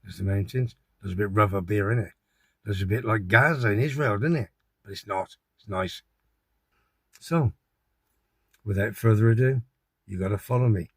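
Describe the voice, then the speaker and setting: An older English man from Gloucestershire speaks at normal speed in a lowish, slightly rough voice, pausing often. He vlogs casually on a handheld phone in town, rambling with cheeky, chatty self-promotion. The recording is dry but noisy, with traffic and street sounds.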